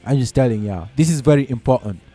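A commentator with a mid-range, warm voice talks fast and expressively, giving casual workplace advice over soft background music with no room sound. He's conversational, repeating his points, checking in with the listener, and saying y'all and folks.

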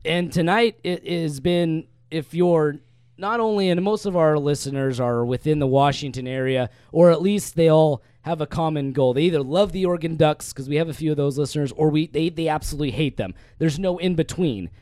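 A young male sports radio host talking live from a dry studio. His voice sits a bit high, and he recaps the game briskly, full of scores and stats. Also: a little mellow, clean tone, no room sound. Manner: brisk, stat-heavy play-by-play recap.

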